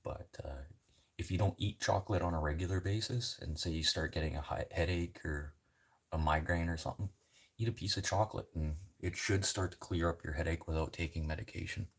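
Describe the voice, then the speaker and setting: Man, very low voice, husky, profane, rambling live chat with viewers. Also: fairly quick. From Canada. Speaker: livestreamer.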